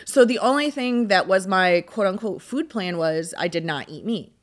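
A woman's voice: medium pitch, lively intonation, normal speed. A woman co-hosting a podcast in casual chat, upbeat and emphatic, talking in short punchy phrases. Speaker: podcast co-host.

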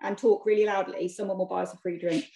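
A chatty English woman in her forties talks quickly in a mellow, darker tone. She laughs a lot and keeps checking in with little tag questions. Her voice rings a bit in an echoey room over a video call. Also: mid-range voice, level tone. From England. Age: 40s. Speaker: podcast guest. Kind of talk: casual chat.

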